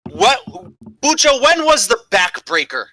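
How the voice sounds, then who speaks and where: A man doing mock boxing commentary for a podcast, excitable and incredulous. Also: very high voice, measured pace. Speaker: co-host and commentator.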